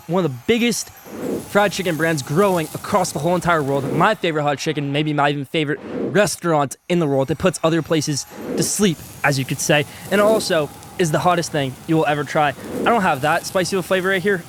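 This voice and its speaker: A man's voice: a little high, background noise. Hyped male sports podcast host. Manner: hyped, salesy, talks with food in mouth. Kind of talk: sponsored hot-takes segment while eating.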